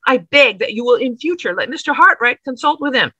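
A woman's voice: high voice, lively intonation, fairly quick, bright, forceful tone, slightly rough, no echo, pitched above the performer's own voice, full character voice, low-quality recording. Woman doing a flustered young clerk. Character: nervous, kindly young male clerk.

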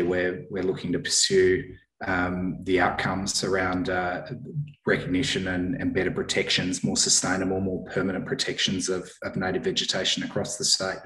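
Male panelist, deep monotone, measured and hesitant, echoey room. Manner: measured, hesitant, filler-heavy. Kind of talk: panel discussion answers.

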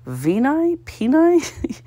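A woman's voice: high voice, huge pitch swings, very slow, dark tone, no echo. Chatty woman thinking aloud, self-mocking. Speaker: puzzle-solving vlogger. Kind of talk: casual solo commentary while solving.

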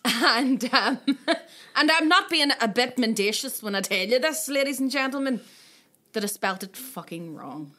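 A woman's voice: on the high side, lively intonation, a little slow, pushed and bright. A woman hosting a podcast, chatting casually, laughing often and swearing freely. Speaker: podcast host. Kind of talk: casual chat.

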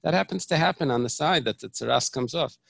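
Rabbi guy teaching talmud, lowish gravelly voice, explains step by step, dry close recording. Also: animated, fast, a bit bright, no echo. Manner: explanatory, repeats and restarts, mixes Hebrew terms. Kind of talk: Talmud lesson, explaining aloud.

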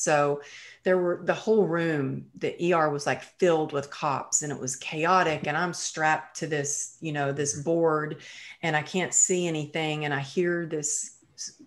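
A middle-aged woman, a guest on an interview podcast, telling her life story vividly and acting out the lines she quotes. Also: low-pitched.

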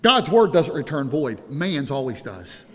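A male pastor preaching an impassioned sermon that swings from hushed to loud. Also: mid-range voice, sing-song, measured pace, big-room sound.

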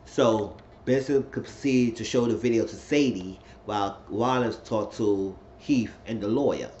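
A man giving a rambling, excitable casual recap of a TV episode. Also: on the low side, unhurried. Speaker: TV episode reviewer. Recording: slightly dull lo-fi recording, faint noise.

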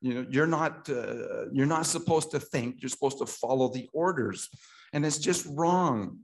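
Man speaking with heated halting repetition. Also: mid-range voice, slight background noise. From Canada. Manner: repeats words and restarts often, grows heated and emotional. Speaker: speaker at a political meeting. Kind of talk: impassioned public talk.

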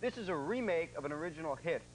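Wisecracking male game-show host, high voice. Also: expressive, very fast, noisy background. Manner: wisecracking, teasing contestants. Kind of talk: quick comic game-show patter. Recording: loud show music underneath.

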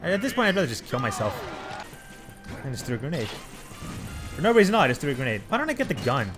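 A man narrates his gameplay in a casual, unscripted way, his high voice swinging widely in pitch as frustration builds. He swears freely and breaks into sudden yells. His tone stays bright and sharp-edged, with faint music playing behind him. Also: wildly swooping pitch, rapid-fire. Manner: frustrated, swearing, bursts of yelling. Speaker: let's play host.

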